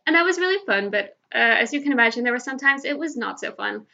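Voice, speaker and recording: Woman hosting a game show stream from home, bright and giggly, kinda muffled sound. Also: high-pitched, animated, fast talker, vocal fry. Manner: chatty, giggly storyteller. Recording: dull lo-fi livestream audio.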